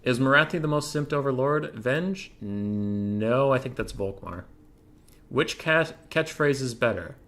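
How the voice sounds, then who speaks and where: A man's voice: medium pitch, animated, fairly bright tone. A man hosting a casual gaming Q&A, reading community questions and giving joking, offhand answers. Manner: joking, offhand, quick replies.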